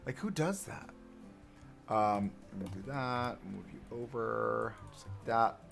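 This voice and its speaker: Chatty self-mocking male streamer, gravelly. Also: fairly low pitch, lively intonation, a little slow, a bit bright, soft background music. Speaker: livestreamer. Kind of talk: casual game livestream commentary.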